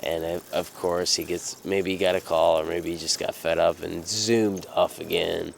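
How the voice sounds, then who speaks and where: A man's voice: deep voice, flat delivery, normal speed, gravelly. A young man casually telling a personal anecdote, rambling with fillers and restarts and swearing freely. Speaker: storyteller.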